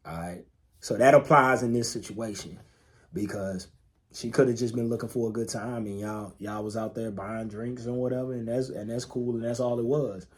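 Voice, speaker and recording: A man's voice: fairly low pitch, a little mellow. A man co-hosting a podcast in casual chat, laid-back and emphatic, swearing freely and repeating phrases to drive a point home. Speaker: podcast co-host.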